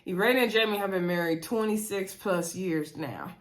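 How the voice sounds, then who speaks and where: A woman's voice: mid-range voice, normal speed. Chatty woman recapping reality TV. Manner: chatty, addresses viewers as y'all, laughs often. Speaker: TV show recap reviewer. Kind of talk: casual chatty review.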